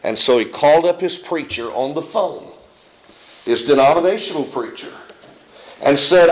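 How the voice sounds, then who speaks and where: A man's voice: fairly high pitch, normal speed. A man preaching a sermon, telling a story and acting out the voices of the people in it. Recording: echoey room.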